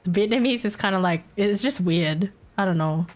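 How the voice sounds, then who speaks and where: A woman's voice: mid-range voice, moderate pace. A young Australian woman streaming live, chatting casually in a rambling, giggly, playfully crude way.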